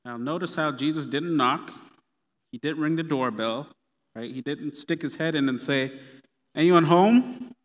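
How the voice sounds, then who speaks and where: A man preaching a sermon in a relaxed, conversational way with playful asides. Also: fairly high pitch, moderate pace. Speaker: pastor. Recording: long reverb of a hall.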